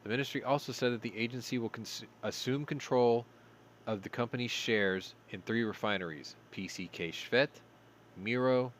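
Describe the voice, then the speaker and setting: A man's voice: mid-range voice, lively intonation, normal speed, fairly bright tone, a little hiss or hum. A tired man hosting a show, reading news stories aloud and breaking off for sarcastic asides. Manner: sarcastic asides between read headlines. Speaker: show host.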